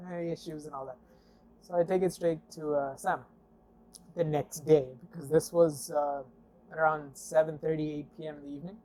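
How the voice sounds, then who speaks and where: A man casually telling a story, acting out the dialogue with lots of "I'm like" and fillers. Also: a little high. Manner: animated storyteller who acts out dialogue; conversational, with frequent fillers and "I'm like". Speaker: guest telling car stories. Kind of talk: casual spoken anecdote.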